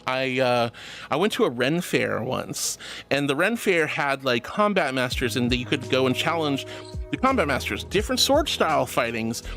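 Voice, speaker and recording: A woman's voice: a bass voice, big pitch swings, normal speed, fairly bright tone, faint music behind. A young woman streaming as a VTuber, chatting casually and affectionately thanking viewers by pet names. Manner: bubbly and affectionate, calls viewers sweetie. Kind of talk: casual live-stream chat, reading viewer messages.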